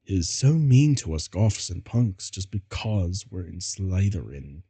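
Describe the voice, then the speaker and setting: Guy doing a mopey goth boy, low and slow, kinda mumbly. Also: big pitch swings, dark tone, slightly rough, no room sound, exaggerated voice. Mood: sullen. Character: sulky gothic teenage boy.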